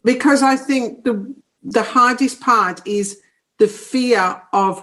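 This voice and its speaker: A woman with a voice pitched a little high talks as a guest on an interview. She is a psychic medium who is firm and direct, saying plainly what she will not stand for and explaining her views in simple, everyday terms. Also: slow pace, fairly bright tone. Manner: blunt and firm. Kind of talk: interview conversation.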